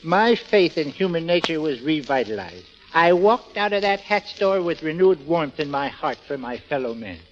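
An earnest, self-important husband spins flowery tales in a fairly high voice. It comes through as a dull old radio broadcast. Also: male voice, sing-song, moderate pace, hardly any pauses. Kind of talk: 1930s radio comedy acting.

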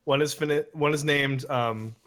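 A young man on a casual podcast, deadpan and trolling with blunt contrarian remarks. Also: on the high side, normal speed, slight background noise. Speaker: podcast co-host.

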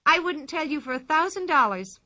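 A bold, cheeky girl in a storybook, chirping her nonsense high and bright as if it were plain fact, as a woman reader puts her on. Her voice jumps about in a lively way and she sounds completely sure of herself. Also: a little fast, exaggerated voice. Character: wild, cheerful, boastful girl.

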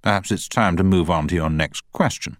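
A man voicing a measured older male judge who speaks with dry, formal authority. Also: sits low, no echo, lightly acted. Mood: judicial.

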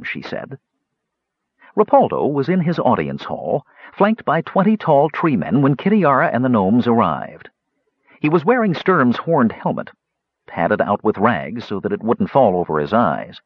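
Husky guy reading a fantasy book, dull dry lo-fi sound. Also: fairly low pitch, dry recording. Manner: measured storytelling, character voices. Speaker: audiobook narrator. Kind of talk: scripted fantasy narration.

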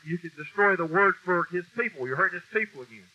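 With a high voice, lively intonation, and a quick pace, a man preaches a folksy, blunt, informal sermon, cursing mildly and hammering his points. The setting is a meeting room with a mic, and the recording is lo-fi and dull.

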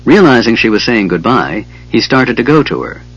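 A man narrating a fantasy audiobook in a measured, dramatic storytelling manner. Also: medium pitch, big pitch swings, fairly bright tone, breathy edge, lo-fi sound, soft background music.

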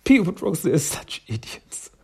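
Gravelly man recapping a comic. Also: sits high, very animated, fairly quick, warm tone. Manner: chatty, laughs often, retells scenes with quotes. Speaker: comic book reviewer.

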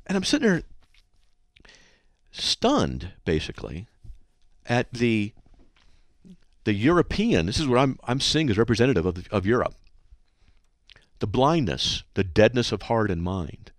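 Deep-voiced, earnest Christian radio host. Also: male voice, very animated, a little slow, long pauses, no echo, studio quality. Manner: earnest, exhorting.

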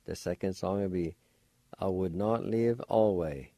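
A man with a fairly low, mellow voice leads a radio language lesson. He speaks very slowly and deliberately, breaking each word into syllables. The sound is close and dry, as from a studio. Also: no room sound. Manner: slow, careful, spells and sounds out words syllable by syllable. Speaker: radio host teaching Cherokee words.

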